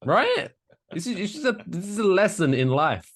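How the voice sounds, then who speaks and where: Rambling animated man in his thirties. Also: high voice, moderate pace. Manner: rambling, animated, crude joking. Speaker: podcast co-host. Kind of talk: casual podcast chat.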